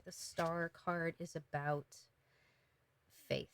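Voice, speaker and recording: A woman giving a casual, emotional tarot reading, talking gently with many fillers and restarts. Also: on the low side, a little slow, pauses often. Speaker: tarot reader.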